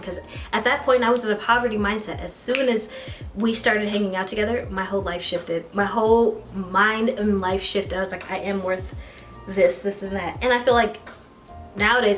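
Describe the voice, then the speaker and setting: A young American woman, a beauty vlogger, telling a story while doing her makeup. She talks casually and animatedly, with bursts of excited squealing. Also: mid-range voice. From United States. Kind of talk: get-ready-with-me storytime.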